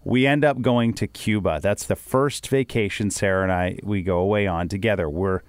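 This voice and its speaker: A young Canadian man telling stories in casual chat, animated with quick asides, on a podcast. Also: fairly low pitch, no room sound, studio quality.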